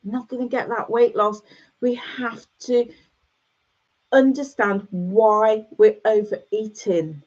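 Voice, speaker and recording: A woman's voice: a little high, fairly even intonation, slow, a little mellow. A middle-aged woman hosting a casual motivational chat with her viewers, encouraging them and repeating phrases for emphasis. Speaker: host. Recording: dull lo-fi sound.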